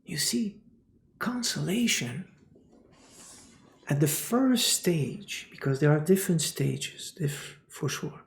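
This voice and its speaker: With a fairly high, gravelly and creaky voice, a man teaches on spiritual matters at a slow, deliberate pace. He is expressive and often drops to a near whisper for emphasis, and the sound is roomy.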